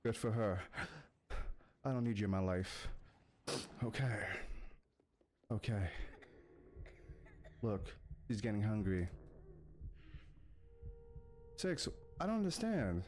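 Man, gameplay commentary, excitable, talks to the characters, swooping lively pitch, unhurried pace. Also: slight background noise. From United States. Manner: excitable, talks to the game characters, chants urgent repeats. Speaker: gaming YouTuber.

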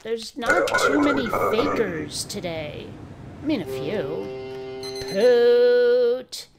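A woman's voice: mid-range voice, very animated, slow, vocal fry, over loud music. A woman giving casual let's play commentary, bantering sassily with the characters on screen. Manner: playful, sassy banter with game characters.

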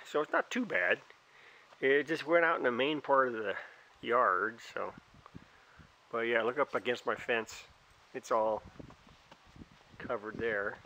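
A man's voice: sharp tone, slight background noise. A man casually narrating a home video outdoors in his snowy yard, rambling on and chatting to his dog. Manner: rambling, chatty, talks to his dog in a high sing-song voice. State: cold, fingers freezing. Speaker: vlogger.

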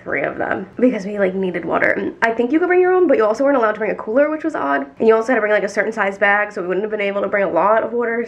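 A woman's voice: medium pitch, creaky, lo-fi sound. A young woman vlogging casually at home and on her backyard deck, chatty and full of "like", cooing in baby talk to her cat. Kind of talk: casual vlog chat.

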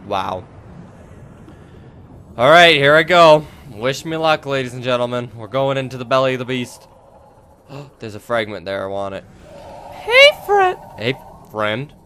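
A man giving let's play commentary, excitable and quick to yelp, talking straight to his viewers. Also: mid-range voice, noisy background. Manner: excitable, yelps and jumpy outbursts, addresses viewers. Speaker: gaming video creator.

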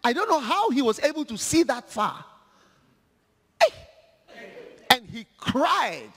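A male preacher giving an animated, humorous sermon, acting out scripture in a large hall. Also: very high-pitched, takes it slowly, slightly rough. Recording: long hall reverb.

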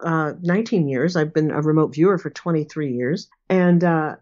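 A woman's voice: sits low, moderate pace, mellow. Chatty woman in her sixties, lo-fi. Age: 60s. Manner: chatty, laughs often, acts out quotes. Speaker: guest, remote viewing teacher. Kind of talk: casual interview chat. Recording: dull lo-fi audio.

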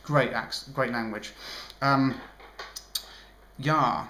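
A man's voice: medium pitch, slow pace, sharp tone. A tired young man co-hosting a show, rambling cheekily through a casual home vlog with lots of ums. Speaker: vlogger, show co-host. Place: home indoors. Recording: echoey room, faint hiss.

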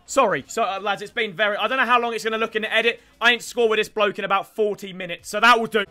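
A young man commentating his own football video game matches, hoarse from yelling celebrations. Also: sits high, fairly even intonation, fast talker, hardly any pauses. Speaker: gaming YouTuber.

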